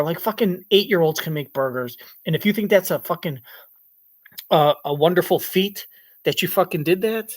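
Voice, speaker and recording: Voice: medium pitch, normal speed. A reaction commentator ranting sarcastically over show clips and swearing freely. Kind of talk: profane comedic rant over clips.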